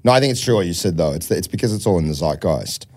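A man's voice: deep voice, lively intonation, fast talker, a little mellow. Swearing man riffing on a comedy podcast. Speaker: podcast host. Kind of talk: casual comedy chat.

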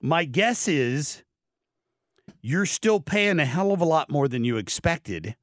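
A man's voice: fairly high pitch, sing-song, slow, no room sound, studio quality. A man hosting a talk radio show, giving blunt, sardonic commentary that is full of fillers and restarts. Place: radio studio. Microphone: studio microphone.

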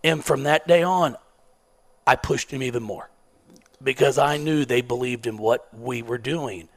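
In a casual storytelling interview, a middle-aged man who coaches basketball and stutters shares sarcastic, self-mocking tales with a laid-back air. He speaks unhurriedly in a mid-range voice.

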